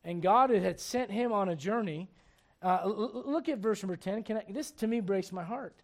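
A male pastor preaching a sermon with rhetorical questions, swinging between loud urgency and hushed gravity. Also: sits high, moderate pace. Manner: emphatic, many rhetorical questions.

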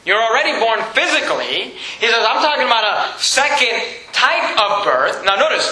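Brief: preacher man, thirties, high bright voice, quizzing the congregation, echoey church hall with faint ambience. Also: very animated, moderate pace, a little hiss or hum. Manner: preaching with emphatic, repetitive questions to the congregation. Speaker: pastor. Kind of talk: sermon.

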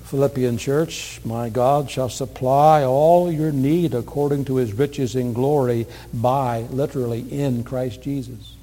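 Male preacher, mid-pitched, earnest sermon delivery with swings from quiet to loud, echoing sanctuary sound. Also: measured pace, few pauses, a little hiss or hum. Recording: long hall reverb.

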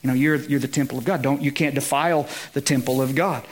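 A man's voice: mid-range voice, steady tone, fast talker. A man with a Southern US accent preaching a sermon in a conversational way, often checking in with his listeners and rising to emphatic peaks. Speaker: pastor.

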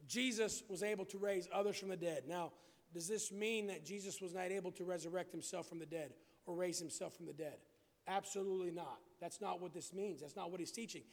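A man preaching a Bible sermon, reading scripture slowly and emphatically and then dropping to quiet asides, in a church building. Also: high-pitched, steady tone, big-room sound. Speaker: pastor.

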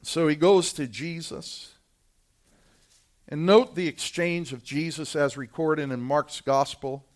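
Male preacher with a high voice, passionate pulpit delivery that rises and falls, talks directly to his congregation. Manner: impassioned preaching, swelling from hushed to loud; addresses the congregation directly, who answer back. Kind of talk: sermon.

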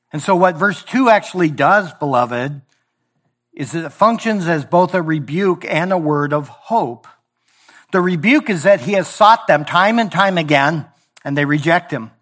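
A male pastor preaching a sermon in a church, voicing scripture and God's words with swings from loud emphasis to hushed tones. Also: fairly high pitch, animated, unhurried. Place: church sanctuary.

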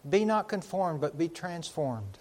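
A man with a notably high speaking voice delivers a sermon. He preaches emphatically, swelling into loud declarations and then sinking almost to a murmur. He slows right down on the words he wants to land. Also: sing-song.

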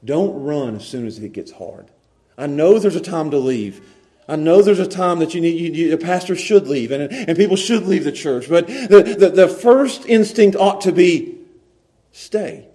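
A man preaching to his congregation in a noticeably high voice. He is emphatic and stumbles over repeated words as he urges his listeners. His quoted voices climb even higher. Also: normal speed. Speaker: pastor. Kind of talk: sermon.

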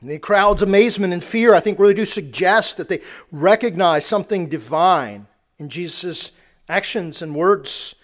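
A man's voice: high voice, moderate pace. A man preaching a sermon, earnest, often repeating words and restarting phrases as he builds a point.

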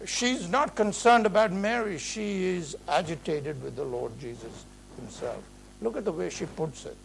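A man preaching an earnest, emphatic expository sermon in a measured way. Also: high voice, animated, creaky, slight background noise, rough recording.

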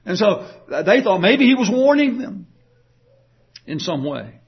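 A man delivers an earnest, emphatic sermon, pressing his listeners with rhetorical questions. His voice sits high for a man and carries a husky edge. The recording sounds dull and muffled. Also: very animated, a little slow. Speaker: pastor.

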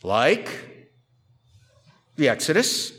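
Pastor, American man, raised voice, unhurried and deliberate, long reverb of a large sanctuary. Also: on the high side, wildly swooping pitch, a bit bright. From United States. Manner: slow, emphatic, repeats words for stress. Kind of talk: expository sermon.

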